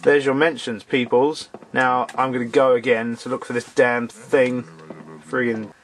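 A man's voice: medium pitch, level tone, normal speed, fairly bright tone. Grumbling man commentating a game. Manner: grumbling, sarcastic, talks to the game characters. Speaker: let's play commentator. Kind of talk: casual gameplay commentary.

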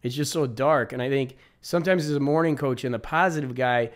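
A man's voice: medium pitch, fairly quick. A man hosting a reaction video, commenting in a casual, enthusiastic way and repeating words for emphasis.

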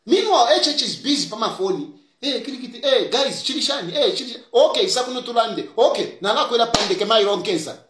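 A man's voice: extremely high pitch, very animated, brisk, fairly bright tone, reverberant. A man with a Zambian accent giving argumentative political commentary full of rhetorical questions. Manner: argumentative, rhetorical questions, mixes English with Bemba.

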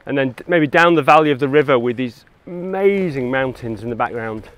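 A man's voice: medium pitch, fairly quick, a bit bright, rough recording. An English man filming a casual photography vlog outdoors on a mountain, talking with enthusiasm as he hikes and shoots. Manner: enthusiastic, talks while hiking and shooting. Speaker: landscape photography vlogger.

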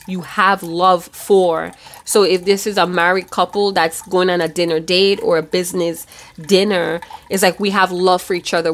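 A woman giving a casual tarot reading, chatty and loose, with casual swearing. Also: on the low side. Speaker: tarot reader.

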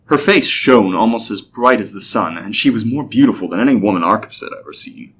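A man narrating a scripted story in a steady, even way. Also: on the low side, fairly quick, a little hiss or hum.

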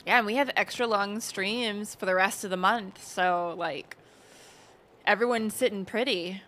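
A woman commenting on a game while she plays, chatty and giggly as she greets her viewers. Her delivery is unhurried and drawn out. Her voice is bright and forward, with a faint hum of noise behind it. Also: medium pitch. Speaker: game streamer. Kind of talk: casual let's-play commentary.

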